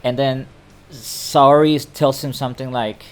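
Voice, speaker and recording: An anime recap vlogger talks to a camera, casually retelling an episode in a chatty, stammering way. His voice is medium in pitch and somewhat dark, and he speaks a little slowly.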